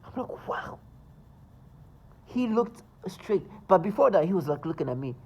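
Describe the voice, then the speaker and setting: A man's voice: high voice, sing-song, brisk, a little mellow, slightly rough, low-quality recording. A man delivering an agitated, insistent monologue to his viewers, rambling and emphatic. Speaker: vlogger.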